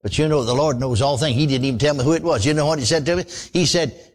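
An older man preaching a radio sermon in a folksy, animated way, calling for amens. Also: on the high side, fast, few pauses.

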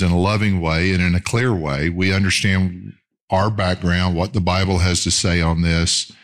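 A middle-aged pastor with a deep voice delivers a sermon earnestly and with measured care, slowing down to stress the key phrases.

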